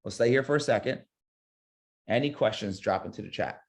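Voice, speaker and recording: Energetic man coaching sales scripts. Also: fairly low pitch, fairly quick, gravelly. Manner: energetic, repeats key phrases, acts out sample sales calls. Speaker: real estate sales trainer. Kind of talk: live webinar coaching.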